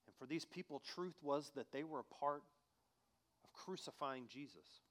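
A man preaching a sermon who reads scripture aloud and asks the listener direct questions. He swings between loud, emphatic passages and quiet, hushed appeals. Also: fairly high pitch, normal speed. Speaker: pastor.

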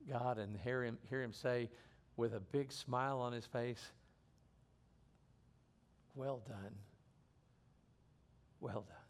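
A middle-aged male pastor delivering a sermon with earnest conviction. He often trips over and restarts his phrases, circling back before pressing his point home. His voice sits at a medium pitch for a man. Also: clean tone.

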